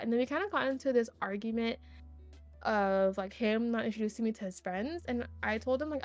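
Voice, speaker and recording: This podcast guest, a young streamer, has a fairly high-pitched voice and talks fairly quickly over soft background music. Her casual story about herself wanders animatedly, with "like" dropped in again and again.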